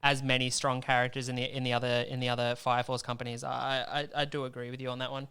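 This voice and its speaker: A man talking quickly and enthusiastically about anime in casual podcast chat, asking the others questions. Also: medium pitch, little pitch movement, sharp tone, clean tone. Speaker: podcast co-host.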